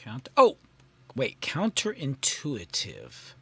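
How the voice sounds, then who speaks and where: A man's voice: mid-range voice, wildly swooping pitch, takes it slowly, vocal fry, sharp tone, husky. A man hosting a casual live stream from his home mixing studio, thinking aloud and rambling in a self-deprecating way, with lots of ums.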